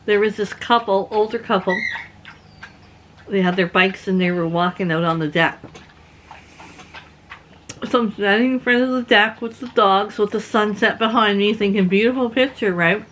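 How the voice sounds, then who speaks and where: A chatty woman from Canada recounts her own stories in a relaxed, conversational way. Her voice sits in a middle range, and she breaks into laughter often. There is a faint hum of noise behind her. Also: moderate pace, long pauses. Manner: chatty, laughs often, acts out quotes in a higher voice. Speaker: vlogger. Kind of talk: casual storytelling.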